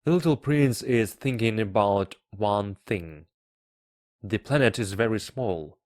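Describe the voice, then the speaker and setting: A man teaching English by reading a children's book aloud, carefully and deliberately. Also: on the low side, lively intonation, darkish tone, no room sound, clean studio sound. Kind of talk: slow read-aloud for learners.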